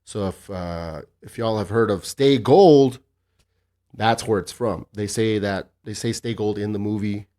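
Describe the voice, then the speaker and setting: A man's voice: fairly low pitch, measured pace, mellow. A man in his thirties hosting a solo podcast, swearing freely and ranting in a cocky, casual way. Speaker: podcast host.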